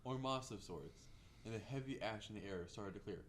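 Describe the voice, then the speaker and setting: A man's voice: on the low side, fairly quick, noisy background. A man reading a game story aloud to his co-hosts, sometimes tripping over words. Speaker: livestream co-host, story reader.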